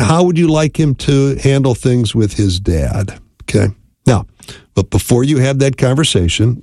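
A man hosting a radio advice show as a marriage and family therapist, calmly counseling listeners and often checking in with "right?". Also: medium pitch, no echo, clean studio sound. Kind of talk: advice call-in radio talk.

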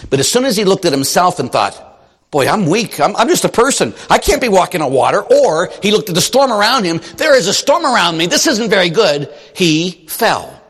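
Male priest, sermon, lively storytelling, higher pitched, long hall reverb. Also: a little fast, slightly rough. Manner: animated storytelling preacher, acting out quoted voices. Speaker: Catholic priest.

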